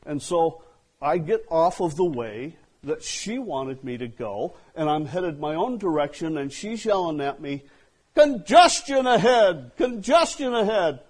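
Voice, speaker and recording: A man preaching a sermon in an unhurried, husky voice. He tells his story with big swings in volume, rising to loud outbursts and then dropping to near-hushed asides. He sounds like a pastor speaking to his congregation. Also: fairly high pitch, animated.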